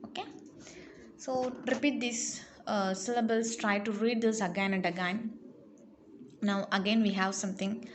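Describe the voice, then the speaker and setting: A woman teacher reading words and sentences aloud slowly and carefully in an English lesson for young pupils. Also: mid-range voice, fairly even intonation, a little hiss or hum.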